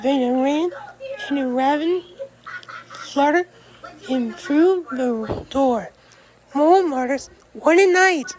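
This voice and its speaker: A woman reading a picture book aloud in a slow, rhythmic, sing-song way. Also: sits high, mellow, a little hiss or hum, low-quality recording. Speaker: storyteller.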